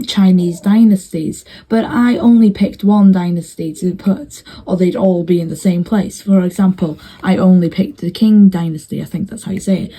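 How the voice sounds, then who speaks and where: Watching a map simulation, a woman video host offers casual, rambling game commentary, hesitant and packed with fillers and restarts. Her voice is medium-pitched, mellow and husky, and the recording is rough.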